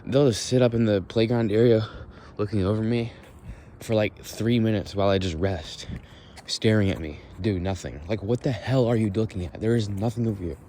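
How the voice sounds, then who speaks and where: A young man talks his way through a walk-and-talk podcast with a low, mellow voice. He rambles bluntly, curses freely and restarts his sentences. Faint outdoor street noise sits behind him. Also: normal speed. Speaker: podcast host. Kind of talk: casual walk-and-talk monologue.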